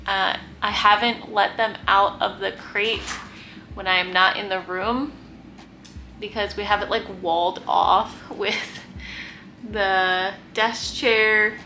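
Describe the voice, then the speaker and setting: A woman's voice: medium pitch, steady tone, slow pace, sharp tone, slight background noise. A young woman chatting casually in her guest room, full of "like" and cooing baby talk. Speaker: vlogger fostering kittens. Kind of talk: casual chat to camera.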